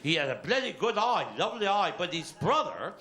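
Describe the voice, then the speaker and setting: A man's voice: high voice, sing-song, brisk, sharp tone. A man with a Cornish accent doing live stand-up, telling bawdy, salty tall tales full of swearing in a comedy club. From Cornwall. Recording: live audience laughter, noisy room.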